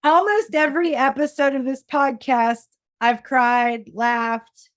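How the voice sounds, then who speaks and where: A woman hosting a podcast interview, warm-hearted and chatty, often restarting her sentences. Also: sits high, takes it slowly, no room sound, clean studio sound. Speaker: podcast host.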